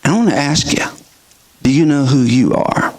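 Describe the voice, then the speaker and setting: A man's voice: mid-range voice, expressive, moderate pace, a little mellow. A middle-aged male pastor who preaches a sermon and asks his listeners emphatic questions. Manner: emphatic, rhetorical questioning of the audience.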